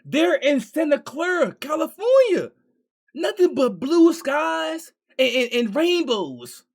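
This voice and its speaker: High-voiced young guy doing a football reaction, slangy, ranting, loud bursts. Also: slow pace. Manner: excitable, ranting, slangy, often shouting. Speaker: sports reaction host. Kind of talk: animated sports reaction commentary.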